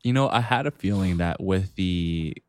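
Deep, measured podcast man. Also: animated, a little mellow, no room sound. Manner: thoughtful, measured, uses "uh" fillers. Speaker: podcast co-host. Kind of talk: casual movie chat.

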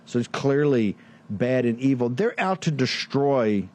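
A combative man hosts a political commentary show. He fires off rhetorical questions and sarcastic asides at a middling pitch. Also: lively intonation, measured pace, darkish tone. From Virginia, USA. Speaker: show host.

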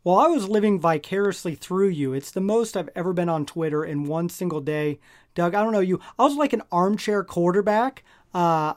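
A woman co-hosts a casual podcast chat. She is animated and acts out her own reactions. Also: medium pitch, brisk. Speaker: podcast co-host.

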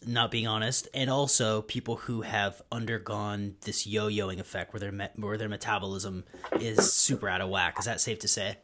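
A man's voice: fairly low pitch, fairly bright tone. A man hosting an interview, summing up and asking a question in a plain, conversational way. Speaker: podcast host.

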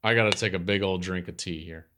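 A man's voice: low-pitched, fast talker, a little hiss or hum. A man in his forties hosting a podcast, talking through a mailbag question in a casual, emphatic way with lots of "like" fillers. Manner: animated, emphatic, many "like" fillers. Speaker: podcast host.

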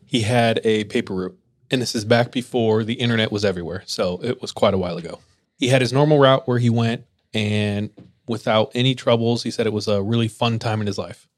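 A man hosting a podcast, telling ghost stories in a relaxed way with lots of filler words. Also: fairly low pitch, a little fast, no room sound, clean studio sound. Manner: relaxed, filler-heavy, laughs easily. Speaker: podcast host. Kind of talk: casual spooky storytelling.

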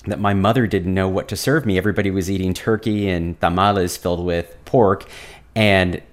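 A man, a chef, speaking as an interview guest and telling lively stories about his family. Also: sits low, a little fast. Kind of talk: recorded interview.

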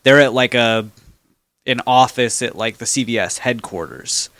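A man's voice: medium pitch, normal speed, a bit bright, no room sound. A young man co-hosting a casual podcast, chatty and rambling, swearing offhandedly. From Florida. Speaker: podcast co-host. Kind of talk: casual chat.

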